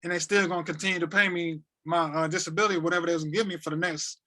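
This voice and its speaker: Bright, high-voiced young man telling a story. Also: very fast. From North Carolina. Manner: animated, repetitive, slangy retelling. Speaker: guest. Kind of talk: casual storytelling.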